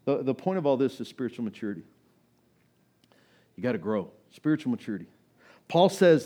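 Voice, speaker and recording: A man's voice: mid-range voice, sing-song, fairly quick, long pauses, dark tone. Conversational male pastor preaching. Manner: conversational, emphatic, rising to exhortation. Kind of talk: sermon. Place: church.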